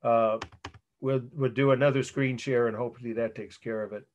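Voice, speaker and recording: Brief: male art history instructor, mid-pitched, casual halting delivery, video call audio. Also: fairly even intonation, lo-fi sound, slight background noise. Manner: conversational, halting, with restarts and asides. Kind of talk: online lecture. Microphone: computer mic on a video call.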